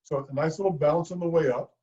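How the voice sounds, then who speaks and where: A man coaching singers through warm-up exercises, his voice a touch higher than most men's and mellow in tone. He speaks calmly and encouragingly. The recording is slightly muffled and lo-fi, with faint music behind him. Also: fast. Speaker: choir director. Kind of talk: leading vocal warm-ups.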